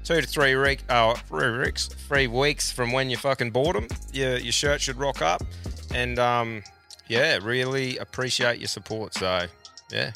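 A man's voice: medium pitch, a little slow, creaky, sharp tone, faint music behind. A man with an Australian accent hosting a podcast in casual, sweary chat and laughing often. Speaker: podcast host.

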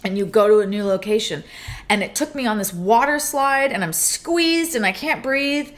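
Telling a story in relaxed podcast banter, this thirtysomething female co-host performs it with theatrical animation. She speaks at a moderate pace in a fairly high voice.

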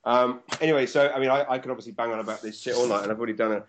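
A man, a stand-up comedian, chatting casually and telling stories with animated energy and the odd swear word. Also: mid-range voice, very fast, a little hiss or hum. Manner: animated storyteller, swears freely. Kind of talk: casual chat. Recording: dull lo-fi sound.

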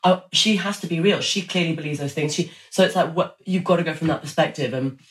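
A young woman, an actress, chatting in an interview in an animated way, with quick restarts and acted-out quotes. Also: sits low. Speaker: actress guest. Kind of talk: casual interview chat. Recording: echoey room.

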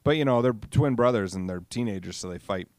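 A middle-aged solo podcast host talks briskly in a fairly low, slightly mellow voice with lively intonation and no room sound. He rambles casually, curses freely, and pokes fun at himself.

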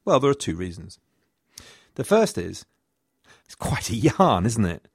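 A man narrating a history podcast, his fairly low voice swinging lively up and down as he tells the story. He slips in wry asides, and the recording is dry and close. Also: unhurried, breathy edge, no room sound. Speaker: podcast host.

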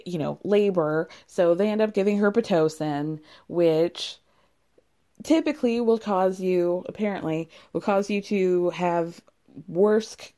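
A woman's voice: medium pitch, mellow. A woman hosting a casual recap of reality TV, chatty and giggly, cursing now and then. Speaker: podcast host recapping reality TV. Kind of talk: casual chat.

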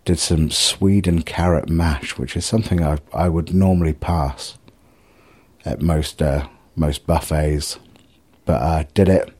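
A middle-aged man with a very deep, husky voice. He rambles through a casual video diary in a self-mocking, sweary way, and his tone is dark and mellow. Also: steady tone, a little slow. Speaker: vlogger.

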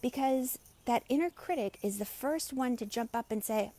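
Woman hosting a live meditation stream, soft and inviting, takes her time. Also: fairly high pitch. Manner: gentle, inviting, unhurried guidance. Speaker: meditation teacher.

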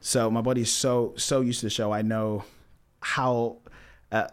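A young man, a musical theatre actor, chatting in an interview, relaxed and full of fillers and repeats. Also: mid-range voice, measured pace, smooth. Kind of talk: casual interview chat.

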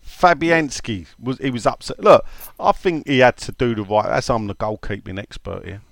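A man with a creaky, mid-range voice talks at normal speed on a casual podcast, with no room sound. He's a chatty storyteller who reads listener questions, tells funny stories and laughs a lot.

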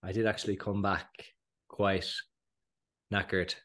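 An Irish man co-hosting a podcast in casual chat, slightly hoarse from a cold, rambling and laughing often. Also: sits low, flat delivery, unhurried, a bit bright. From Ireland. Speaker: podcast co-host.

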